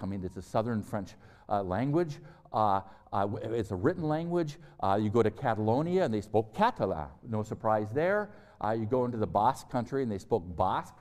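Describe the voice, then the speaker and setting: Older male university lecturer, lowish pitch; halting, discursive, restarts often. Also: a little mellow. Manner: halting, many fillers and restarts; discursive, asides. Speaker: history lecturer.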